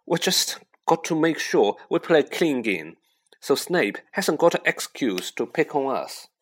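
A man's voice: fairly high pitch, sing-song, a little slow, husky, pitched above the performer's own voice, exaggerated voice. A man voicing an earnest older schoolboy who captains a sports team.

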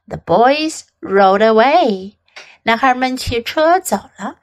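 A woman English teacher reading a picture book aloud slowly and clearly, then leading practice sentences. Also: on the high side, lively intonation. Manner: slow, careful reading with repeated practice sentences.

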